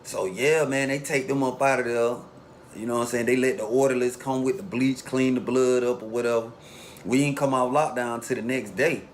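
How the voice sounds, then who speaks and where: A man casually telling a long story in a relaxed street way, acting out the voices of the people in it. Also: mid-range voice, brisk, a little hiss or hum. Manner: laid-back street storytelling, acts out quotes.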